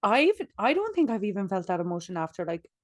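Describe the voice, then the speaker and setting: A woman's voice: mid-range voice, sing-song, fast talker, dry recording. Chatty podcast woman, dry sound. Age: late 20s. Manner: chatty, rambling, frequent "like", laughs often. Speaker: podcast co-host. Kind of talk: casual chat. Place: in bed.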